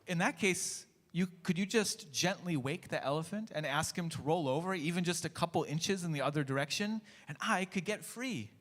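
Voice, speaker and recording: A man's voice: a little high, normal speed, few pauses, a bit bright, natural voice. A man voicing a small, anxious male mouse who pleads hopefully for help, in an echoey church. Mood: pleading. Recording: echoey church hall, faint music.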